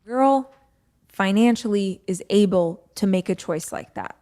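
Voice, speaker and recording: A woman's voice: medium pitch, a little slow, dark tone. A woman hosting a podcast, telling a personal story in a breezy, chatty way and quoting herself and others. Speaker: podcast host.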